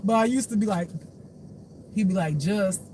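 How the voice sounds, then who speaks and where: A spiritual life teacher in a casual, unscripted monologue, blunt and profane, laughing often and swinging between low mutters and shouts. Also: normal speed. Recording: noisy background hum.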